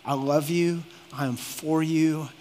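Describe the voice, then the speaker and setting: A man's voice: fairly high pitch, steady tone, slow, a little mellow, slight background noise. Man preaching in a reverberant hall. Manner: preaching with rising intensity, acts out quoted speech. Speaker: pastor. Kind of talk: sermon. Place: church auditorium. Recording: long reverb of a large hall.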